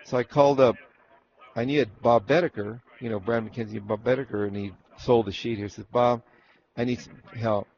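Gravelly man spinning rambling racetrack yarns. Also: mid-range voice, steady tone, brisk, a little mellow, dull audio, slight background noise. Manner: rambling anecdotes with acted-out quotes and restarts. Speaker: racehorse trainer telling stories. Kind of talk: casual storytelling interview.

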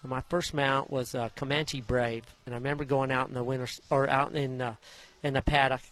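A man, a former jockey, telling stories from his riding career in a folksy, animated way in an interview, acting out the voices of the people in them. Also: mid-range voice, brisk. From Idaho. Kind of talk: interview storytelling.

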